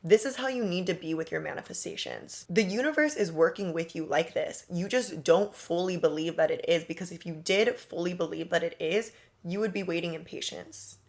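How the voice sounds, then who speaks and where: A woman's voice: on the low side, a little fast, creaky, hardly any pauses. A woman coaching on manifestation in a casual, emphatic monologue, talking straight to the listener with slang and rhetorical questions. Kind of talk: motivational monologue.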